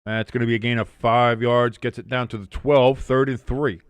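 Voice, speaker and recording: With a clear, resonant mid-range voice and fairly even intonation, a man speaks at normal speed while hosting a live sports watch-along. Buzzing on coffee, he does casual play-by-play with jokes, chats with viewers, and reads chat messages aloud. There's no room sound.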